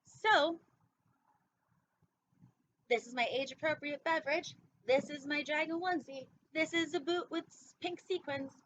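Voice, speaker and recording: Goofy woman host reading a picture book aloud, high voice, rambling, slightly muffled recording. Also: a little slow, long pauses, a bit bright, a little hiss or hum. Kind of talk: casual storytime reading. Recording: dull lo-fi recording.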